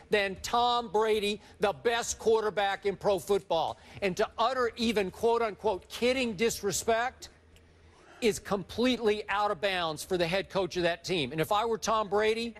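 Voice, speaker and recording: A man on a sports debate show making pointed, sarcastic arguments at a deliberate pace. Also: high voice.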